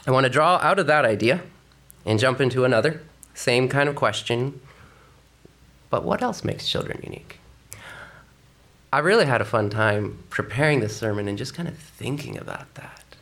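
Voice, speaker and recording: A man's voice: medium pitch, lively intonation, moderate pace, vocal fry, long pauses, fairly bright tone. A man preaching a conversational sermon in a church, often dropping to a whisper for emphasis. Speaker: pastor.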